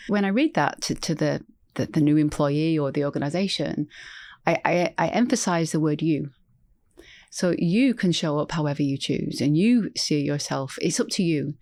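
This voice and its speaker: Middle-aged woman interviewee, low voice, earnest, starts sentences over, dry recording. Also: no echo. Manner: earnest and heartfelt, frequent restarts. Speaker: interview guest, healthcare executive. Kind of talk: conversational podcast interview.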